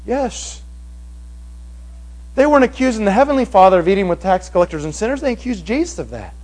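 High-voiced man preaching dramatically. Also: sing-song, brisk, poor audio. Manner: dramatic, swinging from hushed to loud. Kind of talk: sermon. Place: evening meeting before a congregation.

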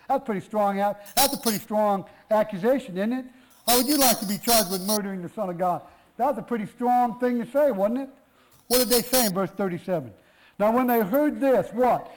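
High-voiced preacher asking rhetorical questions. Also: male voice, noisy background. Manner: rhetorical questions, emphatic repetition. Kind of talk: sermon.

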